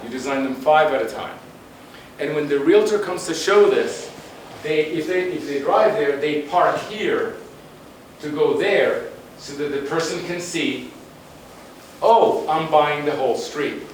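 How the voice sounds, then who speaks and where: A man giving a slide presentation on town planning, talking bluntly and conversationally with frequent restarts. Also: fairly high pitch. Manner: emphatic and conversational, with blunt asides. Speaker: guest lecturer on urban planning. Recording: very echoey room, distant mic, faint noise.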